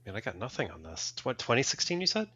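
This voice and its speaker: A man playing a trivia game, low-key and resigned when he lacks an answer, heard over a dull lo-fi remote line. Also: big pitch swings, quick pace, sharp tone, breathy edge, no echo. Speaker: trivia contestant. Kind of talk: casual game chat.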